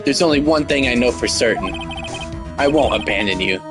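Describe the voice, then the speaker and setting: A man's voice: mid-range voice, expressive, a little fast, voice pushed down, close to an everyday voice. A man voicing an earnest, determined young male defense lawyer in inner monologue, over game music. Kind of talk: voice acting a game playthrough.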